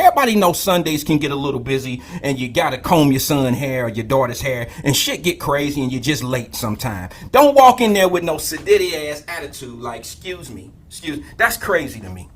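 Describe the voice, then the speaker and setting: Young male live-stream host, AAVE, high and very lively voice, profane, joking storyteller. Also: breathy edge. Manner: loose, profane, joking storyteller who greets viewers by name. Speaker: host of a live call-in drive-time show. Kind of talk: casual live-stream monologue.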